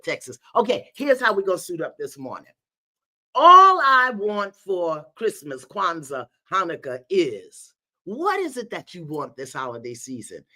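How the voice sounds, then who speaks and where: A middle-aged woman hosts a live online gathering, calling out viewers' hometowns with playful energy. Her voice sits fairly low yet sounds bright and forceful. Her pitch swoops widely as she talks. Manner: lively, playful, call-outs with "in the house". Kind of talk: live-stream greeting viewers by location.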